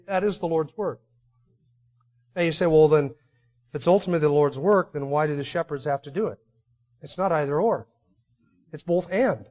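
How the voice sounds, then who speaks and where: A man's voice: on the high side, mellow, dull audio. A man, a pastor, preaching an expository sermon earnestly, swelling into emphatic declarations. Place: church sanctuary.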